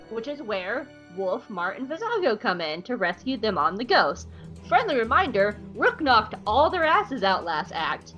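A woman's voice: on the high side, sing-song, normal speed, a bit bright, soft background music. A woman co-hosting a podcast, recapping an episode in a playful, irreverent way. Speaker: podcast co-host. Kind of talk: casual recap commentary. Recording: dull lo-fi podcast audio.

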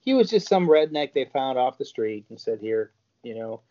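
A male podcast co-host telling crude stories in a lively, animated way. His voice is mellow and dark, with a slightly raised pitch that swings widely. The recording sounds dull and lo-fi. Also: moderate pace. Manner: lively storytelling, crude jokes. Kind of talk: casual comedic chat.

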